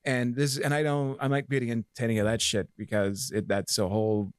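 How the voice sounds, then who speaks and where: A man's voice: mid-range voice, level tone, a little fast, smooth, no echo, studio quality. A man talking as a podcast guest in casual chat, emphatic and profane, rambling with lots of fillers.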